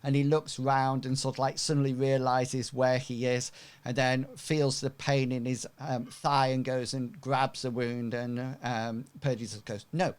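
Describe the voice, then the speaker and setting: A man narrating as game master, relaxed and full of fillers. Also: medium pitch, a little slow.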